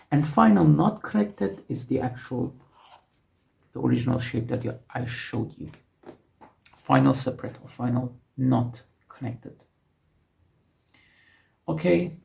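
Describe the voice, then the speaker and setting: Slow gravelly man teaching letters. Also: medium pitch, darkish tone. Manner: slow, patient explaining with frequent self-corrections. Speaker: language teacher. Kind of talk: casual teaching while writing on a board.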